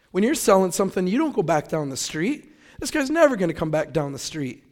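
A young man from Grand Rapids, Michigan, telling his personal faith testimony in a relaxed, conversational way, acting out his own thoughts as he goes. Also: on the high side. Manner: conversational, animated retelling with quoted inner thoughts. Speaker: testimony speaker.

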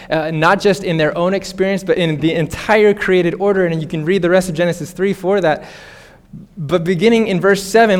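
A pastor preaches a sermon in a bright, high-pitched voice. He speaks animatedly, wandering into playful asides and short bursts of laughter.

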